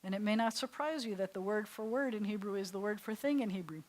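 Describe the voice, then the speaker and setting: An older woman with a New York accent teaches a Hebrew class in a synagogue classroom. She talks in a chatty, meandering way, laughing easily, and her voice sits at a middle pitch. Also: expressive, fast talker.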